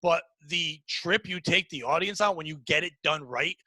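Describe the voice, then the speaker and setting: A man hosting a podcast, talking shop about comedy in a casual, profane, animated way. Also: fairly high pitch, normal speed, no room sound. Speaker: podcast host. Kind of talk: casual chat.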